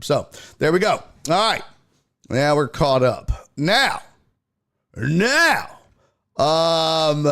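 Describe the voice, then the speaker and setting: A man hosting a sports stream, talking loosely and swearing as he calls out viewers in the chat. His pitch jumps around a lot, and he springs up high whenever he acts out a line. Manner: loose, profane, shouts out chat viewers by name; lively, jumpy pitch when retelling. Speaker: sports podcast host. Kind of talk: casual livestream chat.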